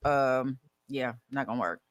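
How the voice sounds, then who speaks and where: A woman's voice: very deep voice, unhurried, no echo, studio quality. A woman, a guest actress telling stories in casual chat, laughing and acting out what others said. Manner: animated, laughing storyteller who acts out quotes.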